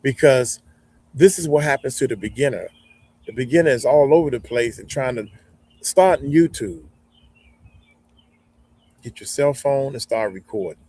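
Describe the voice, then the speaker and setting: A man's voice: medium pitch, moderate pace, long pauses. A man hosting a casual live stream, giving folksy, rambling advice with side tangents. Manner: folksy, animated, rambling with digressions. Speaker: YouTube growth coach, live stream host.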